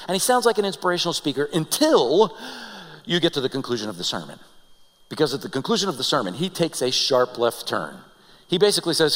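A man preaching a sermon, telling stories with animated delivery and acting out the people in them. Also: fairly high pitch, brisk. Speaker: pastor. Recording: long hall reverb.

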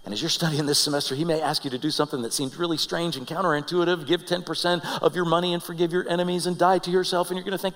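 Preaching man with lively storytelling. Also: on the high side, racing, hardly any pauses. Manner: animated storytelling, acting out quoted people. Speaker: pastor. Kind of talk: sermon. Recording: long hall reverb.

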